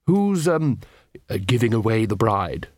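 A man's voice: fairly low pitch, big pitch swings, measured pace, darkish tone, dry recording, studio quality. Man doing a bluff, hearty old wizard. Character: bluff hearty older male wizard chief.

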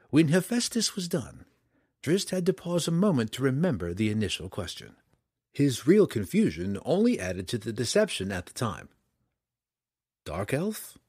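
A man narrating a fantasy audiobook in an expressive, dramatic storytelling manner. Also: mid-range voice, breathy edge, dry recording, clean studio sound.

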